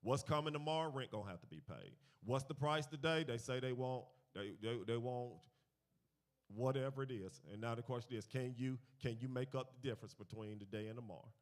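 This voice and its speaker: A man's voice: medium pitch, brisk. Guy preaching to a church crowd, repeats his lines, gets the room to say it back. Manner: repeats key phrases, rallies the congregation; animated storytelling, swings from quiet to loud. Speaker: church teacher leading a finance talk. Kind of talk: sermon with call-and-response. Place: church gathering.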